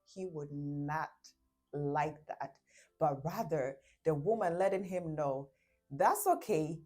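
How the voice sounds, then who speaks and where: A woman's voice: deep voice, slow, dark tone, faint music behind. A woman giving relationship advice to camera in a casual talk. She explains with everyday examples, acts out little quotes, and often checks in with "right?".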